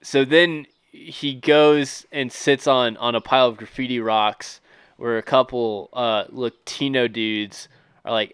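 A man's voice: mid-range voice, steady tone, a little slow, fairly bright tone, smooth, no echo. A man co-hosting a podcast, summarizing a film in a rambling way with many fillers. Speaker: podcast co-host. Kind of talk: casual podcast chat.

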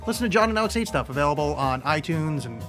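A male podcaster doing an offhand, jokey promo for his show, with a slightly high voice and faint music behind him. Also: lively intonation, fast talker. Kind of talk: casual promo spot.

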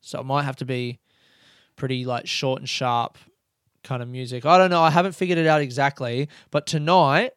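A man's voice: medium pitch, steady tone, normal speed, a bit bright, clean tone, no room sound, studio quality. A young man, a comedian, telling rambling, laugh-filled stories on his podcast and swearing freely. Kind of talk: casual storytelling podcast.

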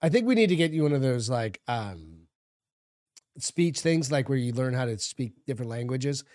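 A man's voice: medium pitch, lively intonation, normal speed, a little mellow, dry recording. Male podcast co-host, casual and crude, reads news aloud; dry, close sound.

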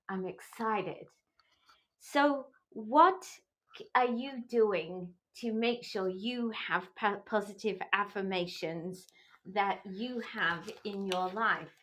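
A middle-aged woman hosting a podcast, talking slowly and earnestly in an encouraging motivational tone. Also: mid-range voice, fairly bright tone, low-quality recording. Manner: slow, earnest and encouraging, with small restarts. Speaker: podcast host. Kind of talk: motivational talk.

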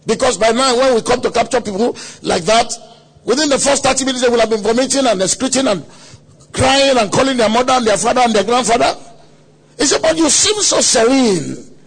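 High husky pastor preaching. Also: male voice, fast. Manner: dramatic storytelling, acts out quoted voices, sudden shouts. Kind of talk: sermon. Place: conference hall.

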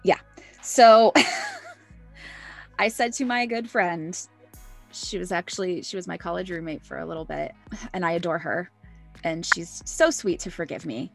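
A woman's voice: lowish voice, a little slow, gravelly, long pauses, soft background music. A woman in her thirties co-hosting a casual podcast, telling personal stories candidly and laughing often. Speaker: podcast co-host. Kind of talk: casual chat, personal storytelling.

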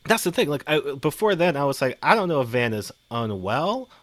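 A man chatting casually as a podcast panelist, animated, acting out quotes in shifting voices, swearing freely. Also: on the high side, a little fast, no echo. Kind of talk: casual chat.

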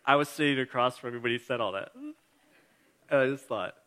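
A man's voice: mid-range voice, fast, sharp tone. A male pastor giving a conversational sermon, earnest and encouraging, mixing scripture reading with everyday stories.

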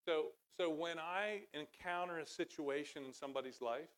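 Speaking at normal speed in a fairly high voice, a middle-aged pastor gives a sermon from the church stage. His delivery moves from relaxed, conversational talk to loud and emphatic passages.

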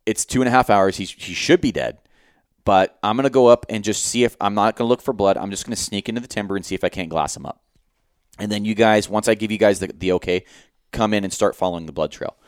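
A young man co-hosting a podcast, retelling a hunt in a rambling, animated way with lots of quoted dialogue and swearing. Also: on the low side, fast talker, clean tone, no echo, clean studio sound. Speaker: podcast co-host. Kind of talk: casual storytelling chat.

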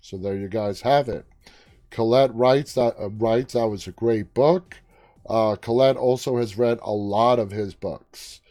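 A man's voice: on the low side, unhurried, warm tone, faint music behind. An American man hosting a live stream, chatting casually, reading out viewer comments and entertainment news, and often getting sidetracked. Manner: chatty, easily sidetracked, teasing.

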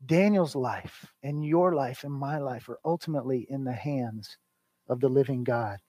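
A man preaching a sermon in an earnest way, swinging between loud emphasis and hushed, quiet lines. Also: medium pitch, moderate pace, no room sound. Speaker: pastor.

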